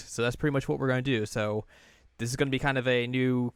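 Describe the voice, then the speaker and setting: A man co-hosting a chatty podcast, with a smooth, clear voice recorded dry and close on the mic. He jokes and laughs often and fills his talk with "like" and "you know". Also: mid-range voice, fairly even intonation, quick pace, no echo. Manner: jokey, laughs often, many fillers. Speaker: podcast co-host. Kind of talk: casual chat.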